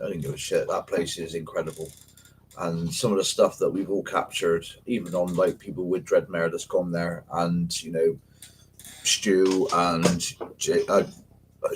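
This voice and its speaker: Bloke on a ghost hunting livestream, low-ish voice, swears a lot, rambling stories, bit of background hiss. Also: male voice, rough recording. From England. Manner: rambling, sweary storytelling with mates' slang. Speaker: paranormal investigator hosting a livestream. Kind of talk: casual live chat with viewers.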